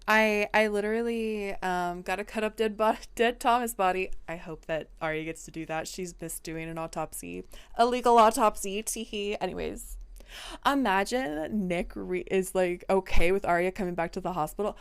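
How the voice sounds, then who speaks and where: A young adult woman streaming, chatting casually and playfully to her viewers with sudden excited outbursts. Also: medium pitch, unhurried, gravelly, clean tone, no echo.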